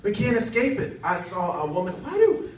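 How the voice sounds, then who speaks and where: A man in his thirties from North Carolina in the United States performs a self-deprecating stand-up set on an arts center stage before a laughing audience. His voice is high-pitched and sing-song, fairly quick, jumping into quoted voices, and the recording is echoey, distant, and loudly hissy.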